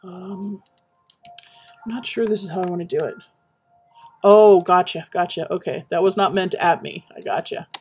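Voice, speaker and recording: A woman chatting casually while building in a game, rambling and reminiscing with many pauses and fillers. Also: lowish voice, a little mellow, faint music behind. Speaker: Minecraft streamer.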